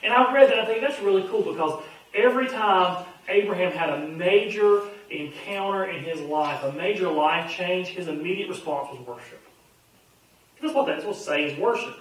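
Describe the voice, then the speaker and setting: Man, pastor, folksy Bible study talk, slightly high voice, very echoey church room, distant mic. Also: normal speed. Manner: folksy, earnest, conversational with frequent fillers. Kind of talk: casual Bible study teaching.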